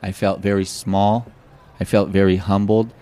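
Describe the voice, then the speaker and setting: A man telling a personal story in an interview, animated and acting out the voices of the people in it. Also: low voice, normal speed. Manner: animated, acts out quoted voices. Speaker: guest.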